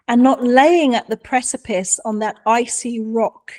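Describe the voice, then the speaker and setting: Middle-aged woman guest, higher voice, animated storyteller who acts out the voices. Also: measured pace, hardly any pauses. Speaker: guest, mentor. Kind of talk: conversational storytelling.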